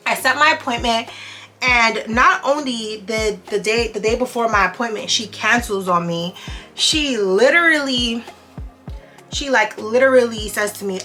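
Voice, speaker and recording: A woman beauty vlogger telling a story in a casual, animated and exasperated way while she does her makeup. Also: a little high, measured pace, faint music behind.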